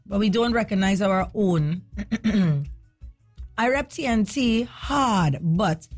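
A woman from Trinidad and Tobago with a Trinidadian accent, hosting a casual talk radio show in an animated, chatty way and slipping into local dialect. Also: mid-range voice, slow, faint music behind. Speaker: radio host.

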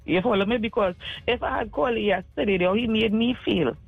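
A man's voice: high voice, brisk, creaky, soft background music. A man calling in to a radio show, rambling with lots of "you know" fillers. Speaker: caller. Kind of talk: call-in radio chat. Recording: tinny phone line, dry.

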